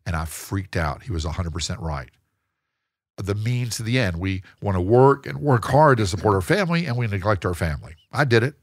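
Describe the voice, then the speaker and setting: A man, a guest in an interview, telling his story in a lively way and acting out the people he quotes. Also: lowish voice, fairly quick, dry recording, clean studio sound. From United States. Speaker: guest, real estate investor.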